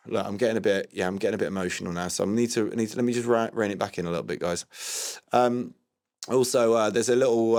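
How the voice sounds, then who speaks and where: A man hosting a livestream, rambling in a deadpan way with lots of ums and restarts. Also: mid-range voice. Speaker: livestream host doing a comedy DJ character. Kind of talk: deadpan improvised livestream comedy.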